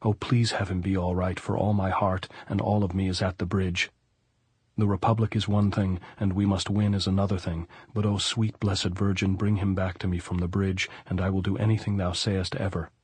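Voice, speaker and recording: A man's voice: sits low, level tone, normal speed, a little mellow, breathy edge, no echo. A man voicing a frightened young woman praying. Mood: desperate. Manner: pleading, breathless inner prayer.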